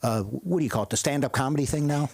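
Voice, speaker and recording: A man's voice: medium pitch, fast talker, vocal fry, breathy edge, no echo. A man opening a stand-up set, hyping the room and then dropping into a mock-earnest confession. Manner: loud, hyped crowd-working with swings to mock-earnest confession. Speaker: stand-up comedian. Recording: live club mic with crowd noise.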